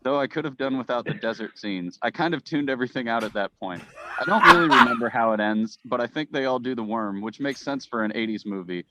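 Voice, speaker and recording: A man on a casual podcast panel, reading jokes and tweets aloud in a deadpan way and often breaking into laughter. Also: mid-range voice, fast talker, noisy background.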